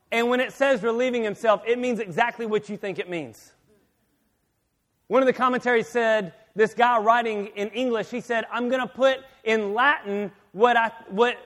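A high-voiced man preaches a sermon in a church, dropping to quiet asides and then rising to loud, emphatic readings. He often stumbles and repeats his words. His voice rings with a long hall reverb. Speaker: pastor. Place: church sanctuary.

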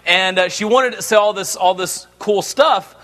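A middle-aged man preaching a sermon, telling jokes and family stories with an animated delivery. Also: high voice, moderate pace. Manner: animated, joking storyteller. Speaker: pastor.

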